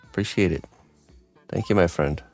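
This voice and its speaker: A man with a very low voice hosts a live stream and chats casually. He talks in halting bits with filler pauses. Faint music plays behind him. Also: a little mellow. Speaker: live-stream host and sculptor.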